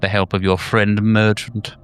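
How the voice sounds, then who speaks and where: A man's voice: unhurried, smooth, soft background music. A man narrating as game master of a tabletop horror game, hesitant and full of fillers. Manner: hesitant, many fillers and restarts, lively pitch.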